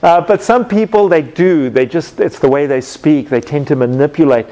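A man teaching a Bible class, telling everyday stories with lively acted-out moments and questions to his students. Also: on the high side, normal speed. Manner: animated storytelling, acts out scenes with sound effects.

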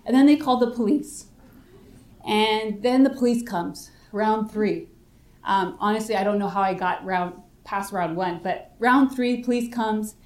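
A woman's voice: mid-range voice, measured pace, a little mellow. A young woman giving a personal faith testimony, telling her story and acting out what the other people said. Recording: roomy echo.

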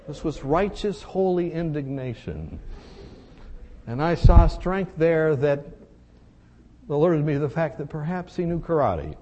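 A man preaching a sermon, telling a personal story in a confessional way that moves between hushed and emphatic. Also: on the high side, lively intonation, a little slow, slight background noise.

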